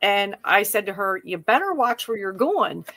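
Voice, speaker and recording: A woman's voice: medium pitch, very animated, normal speed, a bit bright. A middle-aged woman co-hosting a podcast, telling a story in casual chat and laughing through it. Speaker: podcast co-host.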